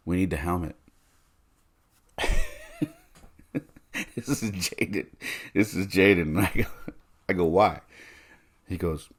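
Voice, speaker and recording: A low voice with a breathy edge belongs to a middle-aged podcast host recounting a personal experience. He's easygoing and conversational, drops many fillers, and does voices for the people he quotes.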